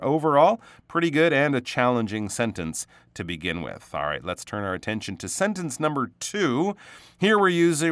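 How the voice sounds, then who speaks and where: A male pronunciation teacher talks through a casual lesson in a fairly low voice. He is patient and repeats each word slowly to model it. The sound is dry and close, with no room around him. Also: fairly bright tone, no room sound. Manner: patient, explains words slowly and repeats them.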